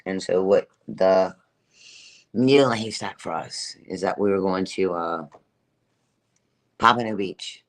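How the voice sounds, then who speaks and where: Her voice is a rumbling low one, fairly even in intonation and a little slow. She's a middle-aged livestreamer sharing a personal tale with her chat, laughing, repeating herself and cursing emphatically.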